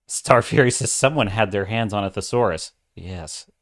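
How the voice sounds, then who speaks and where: A man's voice: on the low side, normal speed. A middle-aged man hosting a livestream, giving opinionated, ranting commentary and reading viewer chat aloud. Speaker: livestream host.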